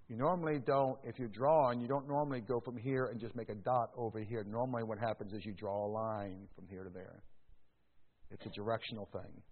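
A male pastor preaching a sermon, with sudden loud rises and slow stressed words. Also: medium pitch. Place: church sanctuary. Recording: echoey hall, tinny phone-like sound.

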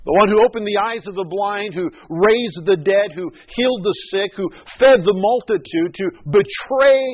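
A man preaching a sermon, emphatic, repeating key words and slowing down to stress them. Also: sits high. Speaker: pastor. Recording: tinny phone-like radio broadcast.

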